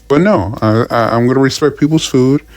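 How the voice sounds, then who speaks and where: A man's voice: medium pitch, a little fast, dry recording, soft background music. A young man ranting casually about his week, profane and frustrated, rambling with many restarts. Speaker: vlogger. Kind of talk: casual rant.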